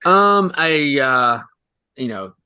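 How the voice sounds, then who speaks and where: A man co-hosting a casual movie podcast, dry and self-mocking, pausing often with "uh". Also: a little high, animated, pushed and bright, smooth. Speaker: podcast co-host.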